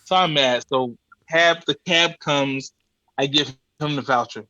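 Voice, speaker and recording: Unhurried and a little high, a man's voice sounds dry and lo-fi. Guesting on a podcast, he's an animated storyteller sharing a comic travel tale in loose, colloquial chat, swearing casually and acting out exasperated exchanges with the people he met.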